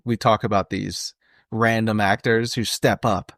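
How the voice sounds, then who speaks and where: Young male podcast co-host, low, laid-back, dry close sound. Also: a little slow, no echo. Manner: relaxed, thinks aloud with "uh" and "dude". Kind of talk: casual movie chat.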